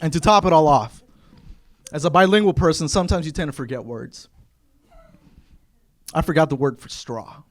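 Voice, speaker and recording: A man from Kentucky telling stand-up stories on stage to a live audience, with an animated, punchy, conversational delivery into a handheld mic. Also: fairly high pitch, normal speed, long pauses. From Kentucky, USA. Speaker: stand-up comedian. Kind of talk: stand-up comedy storytelling.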